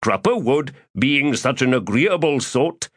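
A flowery, self-important schemer holding court at a tavern table, as a man voices him in an audiobook. His pitch swoops and dances through long archaic phrases, and the sound is close and dry. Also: lively intonation, a little slow, breathy edge, no room sound. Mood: theatrical. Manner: grandiloquent archaic speech, refers to himself in third person. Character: pompous, florid, chubby male schemer. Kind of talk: audiobook character voice.

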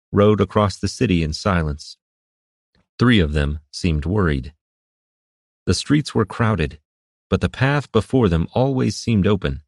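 A man reading fantasy narration in a steady, measured way. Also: sits low, no room sound, studio quality. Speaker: audiobook narrator.

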